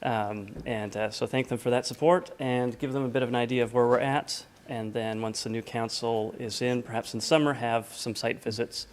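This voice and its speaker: A man presenting a housing project update to a town council, relaxed and informal with many filler sounds. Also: mid-range voice, normal speed, few pauses. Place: council chamber.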